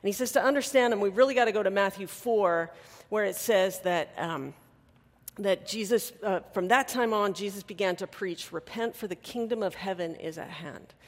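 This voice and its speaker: A woman pastor preaches in a relaxed, conversational way, animated and light with humor. Her voice sits at an ordinary pitch. It rings out with the long reverb of a big hall. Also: normal speed. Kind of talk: sermon. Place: church hall.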